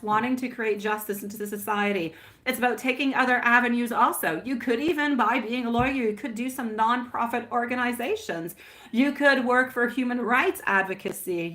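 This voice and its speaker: A woman's voice: a little high, fairly bright tone. A woman reading tarot on a live stream in casual chat, affectionate and laughing often, calling viewers my love and sweetie pie.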